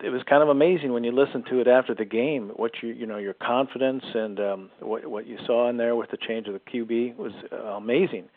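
A man's voice: medium pitch, fast talker, hardly any pauses, no echo. A male caller leaving an enthusiastic message on a show's call-in line, talking with many fillers. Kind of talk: call-in voicemail. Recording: tinny phone line.

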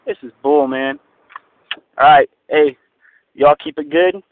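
A man's voice: on the high side, slow pace, slight background noise. A man from California's Central Valley calling a sports show with a frustrated, blunt fan rant. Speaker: caller. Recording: tinny phone line.

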